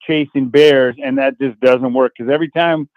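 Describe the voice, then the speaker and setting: Calling into a radio show as a guest from an outdoor adventure program, a man shares hunting tales in casual, folksy fashion, wandering off track and starting sentences over. He speaks at a moderate pace in a steady, medium-pitched voice. The sound is lo-fi, with no room sound.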